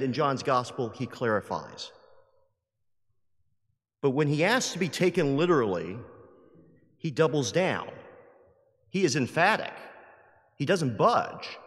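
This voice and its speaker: Priest giving a homily, emphatic and animated, mid-range voice, long echoing church hall. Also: male voice, mid-range voice. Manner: lively, emphatic, acts out quoted voices. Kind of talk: sermon. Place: large church. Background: long hall reverb.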